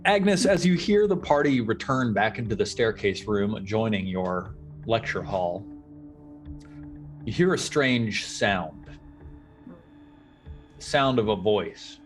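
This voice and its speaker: A man running a tabletop game as dungeon master, narrating in a relaxed way with fillers. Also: lowish voice, takes it slowly, long pauses, soft background music.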